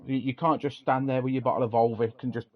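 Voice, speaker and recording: A man's voice: mid-range voice, steady tone, quick pace. A man co-hosting a casual podcast, chatty and rambling, laughing often. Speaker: podcast co-host. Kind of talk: casual chat. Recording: dull lo-fi sound.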